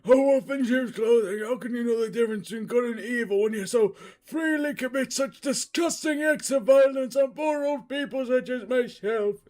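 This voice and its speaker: A man voicing an old male drunk who shouts in a pained, pleading rant. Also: extremely high pitch, normal speed, pitched above the performer's own voice.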